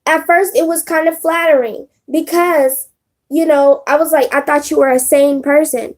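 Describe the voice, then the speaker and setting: A woman's voice: high voice, steady tone, moderate pace. A woman doing a casual live stream on her phone, talking bluntly and with profanity straight to her chat. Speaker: live streamer giving readings.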